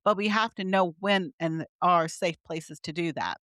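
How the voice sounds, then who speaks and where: Earnest woman guest, low dry voice. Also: normal speed, a bit bright, no room sound. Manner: earnest, explanatory, laughs lightly mid-sentence. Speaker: physician guest. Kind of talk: conversational interview.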